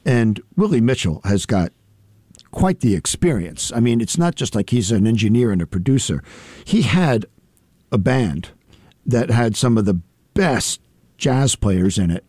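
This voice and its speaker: A man's voice: medium pitch, sing-song, unhurried, a little mellow, dry recording. A man hosting a music program, talking through songs in a thoughtful, conversational way with frequent fillers and restarts. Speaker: music radio host.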